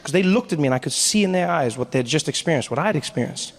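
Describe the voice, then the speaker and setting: High-voiced man telling a stand-up story. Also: racing. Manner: animated storytelling with acted voices. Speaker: stand-up comedian.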